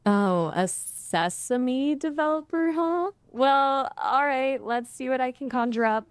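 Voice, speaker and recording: A woman's voice: sits high, takes it slowly, clear, resonant tone, dry recording. Female AI chatbot voice, easygoing and polite, dry close sound. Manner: friendly, playful, polite, fond of small disclaimers. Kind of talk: conversational AI companion.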